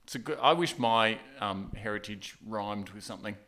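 A man's voice: lowish voice, moderate pace, pushed and bright. A man co-hosting a podcast in casual, teasing chat. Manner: jokey, teasing. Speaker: podcast co-host.

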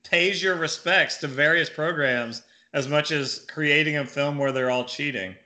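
A man's voice: a little high, measured pace, bright, forceful tone. A man making dry wisecracks on a casual movie podcast. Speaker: podcast co-host. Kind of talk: casual movie commentary chat.

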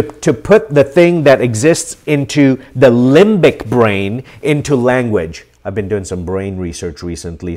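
A middle-aged man hosting a live-stream question session, talking in an earnest, animated and encouraging way. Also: medium pitch. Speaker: host.

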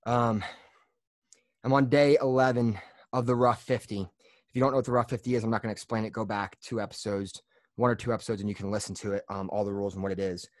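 A man's voice: fairly low pitch, fairly even intonation, fast, no room sound, clean studio sound. A man hosting his own podcast, talking bluntly in a fired-up motivational monologue and swearing freely, a little out of breath after a workout. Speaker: podcast host.

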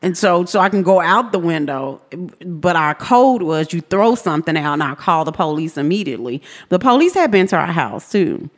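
A woman's voice: fairly low pitch, very animated, normal speed, hardly any pauses. A woman, a podcast guest telling her personal story earnestly and acting out the voices of people in it. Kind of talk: personal testimony in a podcast interview. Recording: long hall reverb.

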